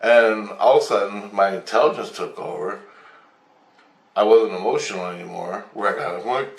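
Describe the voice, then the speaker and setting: A man telling a rambling story of a vision, excitable, swearing and acting out voices. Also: fairly low pitch, normal speed. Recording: roomy, distant from mic.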